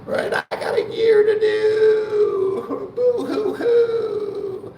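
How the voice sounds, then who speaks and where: A man putting on the shrill, sobbing voice of a new male prisoner complaining about a short sentence. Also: flat delivery, drawn-out words, echoey room, distant mic, heavy background noise, exaggerated voice. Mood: mock crying. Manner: mocking sobbing wail.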